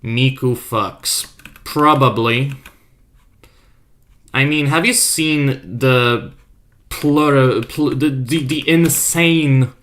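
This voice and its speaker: Bright-voiced playful man streaming. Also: mid-range voice. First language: not English. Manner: playful, trolling, reads chat aloud and riffs; self-described custom made-up accent. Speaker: art streamer. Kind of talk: casual live-stream chat.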